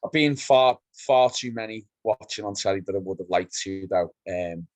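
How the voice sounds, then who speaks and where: Low-voiced man telling pub football stories. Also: moderate pace, no echo, poor audio. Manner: animated storyteller, acts out pub exchanges. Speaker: podcast co-host. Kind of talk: casual football chat.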